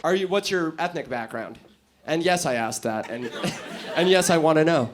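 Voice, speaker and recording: Man, stand-up comic, high voice, profane teasing crowd work, noisy club recording. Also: animated, moderate pace. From New York City. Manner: brash, profane, teasing the audience. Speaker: stand-up comedian. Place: comedy club stage.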